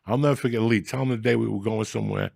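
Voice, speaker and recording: A man hosting a podcast, telling stories in a profane, loud, animated comedic rant. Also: on the low side, racing, vocal fry, no room sound, studio quality. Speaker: podcast host.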